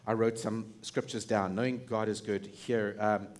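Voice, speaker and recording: Animated, conversational male pastor preaching. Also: on the low side, moderate pace. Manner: animated and conversational, with frequent restarts and laughs. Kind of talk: sermon.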